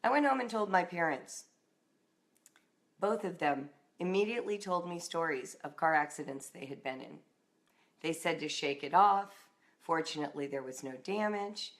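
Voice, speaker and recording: A middle-aged woman from Southern California tells a personal story. She talks in a slightly low voice and stays animated, acting out the voices of the people in the story. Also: normal speed. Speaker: writing and homeschooling coach.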